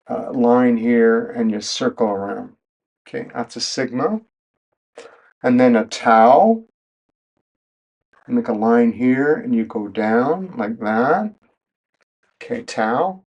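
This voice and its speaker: A man teaching at a whiteboard, slowly talking through each step and reciting letters in order. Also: medium pitch, lively intonation, a little mellow. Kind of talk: whiteboard lesson.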